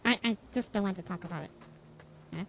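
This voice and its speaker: A woman's voice: medium pitch, a little fast. A young woman streamer chatting casually while gaming, rambling and self-deprecating with lots of restarts and fillers, and laughing often.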